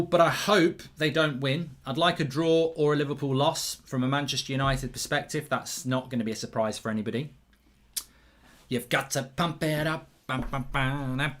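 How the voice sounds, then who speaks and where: A man hosts a live football watchalong with a bright, forceful voice pitched a little high. He rambles chattily, reads out viewer messages and jumps into excited commentary.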